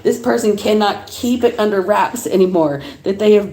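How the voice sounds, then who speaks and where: Woman reading tarot on a livestream, talky and loose, cusses a lot, mid-pitched, bit of room echo. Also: moderate pace. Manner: chatty and animated, laughs often, swears casually. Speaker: tarot reader. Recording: roomy echo.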